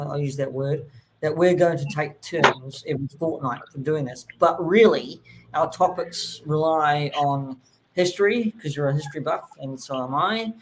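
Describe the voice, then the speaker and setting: A man with a New Zealand accent chats casually as a co-host. His voice sits a little high, and he stops and restarts his sentences often. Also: a little hiss or hum. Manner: hesitant, many fillers and restarts. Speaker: podcast co-host. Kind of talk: casual chat.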